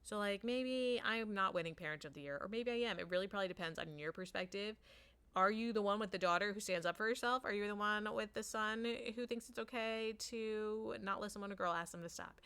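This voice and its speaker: A woman with a medium-pitched, smooth and slightly bright voice speaks briskly. She shares a parenting story in a chatty monologue, acting out what people said and using lots of "like" fillers.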